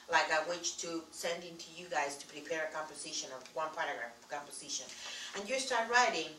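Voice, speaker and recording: A woman's voice: fairly low pitch, noisy background. Spanish-accented woman teaching from the board. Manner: patient, repeats key words, writes on board while talking. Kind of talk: classroom teaching. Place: classroom. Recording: echoey classroom from far off.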